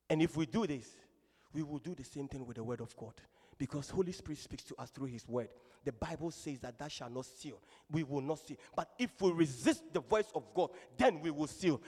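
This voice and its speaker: A man preaching a sermon to a congregation in an animated, exclamatory manner, often calling out hallelujah. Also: on the high side, fairly quick, breathy edge. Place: large church hall. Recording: long hall reverb.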